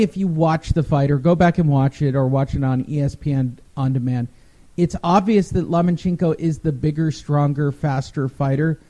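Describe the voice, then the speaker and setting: A man's voice: a little high, warm tone. A man co-hosting a casual sports talk show, recapping fights in a wry, rambling way. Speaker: podcast co-host.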